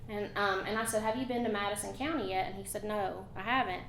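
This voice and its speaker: A woman's voice: mid-range voice, fairly even intonation, a bit bright. A woman with an Appalachian accent, a folk ballad singer singing and chatting with a live audience in a chatty, storytelling way. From Appalachian North Carolina. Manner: chatty, friendly storyteller with quick asides. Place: museum concert hall. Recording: echoey hall with faint room noise.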